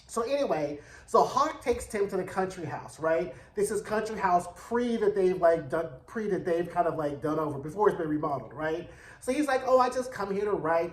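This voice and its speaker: A man giving a sassy, chatty recap of a TV episode, acting out the characters' lines in quick bursts. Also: high-pitched, a little mellow, reverberant. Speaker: TV show reviewer. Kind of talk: casual recap commentary.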